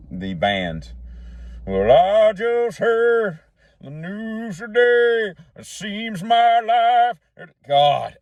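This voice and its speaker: Rambling man with a low voice. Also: no room sound. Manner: jokey, tangent-jumping, folksy. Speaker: podcast host. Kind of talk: rambling solo monologue.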